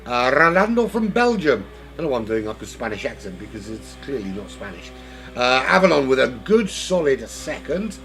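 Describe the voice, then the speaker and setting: A man commentating a sim race live in a gravelly voice. His pitch leaps and dips as he rambles from one joke to the next and keeps cutting himself off. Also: lively intonation, a little fast, fairly bright tone, soft background music. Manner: rambling, jokey, self-interrupting. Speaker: race commentator and lobby host.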